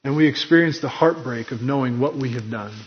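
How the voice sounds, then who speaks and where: A man's voice: mid-range voice, fairly quick, lo-fi sound. A man preaching a sermon in an earnest, emphatic way, acting out quoted lines with drama. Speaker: pastor.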